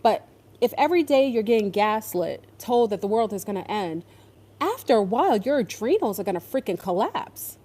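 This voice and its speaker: A woman's voice: mid-range voice, very animated, normal speed, dark tone. A woman ranting in casual commentary, exasperated and sarcastic, now and then mocking others in put-on voices. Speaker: podcast host.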